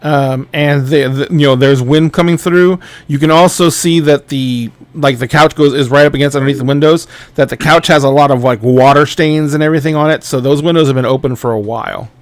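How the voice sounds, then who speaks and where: A man narrating as game master of a tabletop game, laying out a scene piece by piece with fillers and restarts. His voice sits fairly high and sounds close and dry, with no room around it. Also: fairly quick, hardly any pauses, no room sound.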